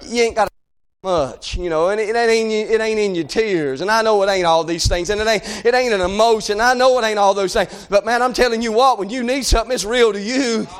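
A male preacher giving a fervent sermon, breaking into shouts and dropping to hushed tones. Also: high voice, fast talker, few pauses, clean tone. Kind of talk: revival sermon.

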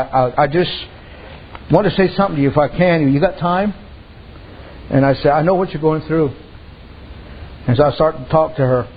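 A man's voice: sits high, dull audio, a little hiss or hum. A man preaching a sermon in a folksy storytelling way, retelling conversations with lots of "I said". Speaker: pastor.

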